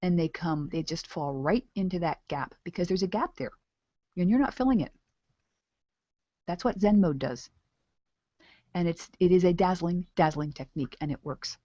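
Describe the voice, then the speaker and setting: Woman sales coach, animated lesson delivery, slightly low voice, dry close sound. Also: no echo, highs cut off. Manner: animated, acts out excited prospects in high voices. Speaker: business coach. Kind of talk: recorded coaching talk.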